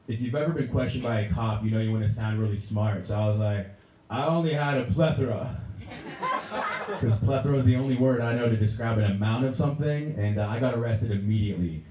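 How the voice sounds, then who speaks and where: A young man doing stand-up in a Pennsylvania accent, his voice fairly low and mellow. He tells his stories deadpan and jumps into raised voices to act out the other people in them. The sound is roomy, with a clear echo from the stage. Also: recorded from a distance, highs cut off, slight background noise. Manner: deadpan storytelling, acts out characters in raised voices. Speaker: stand-up comedian. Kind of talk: stand-up routine. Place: movie theater stage. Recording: echoey room.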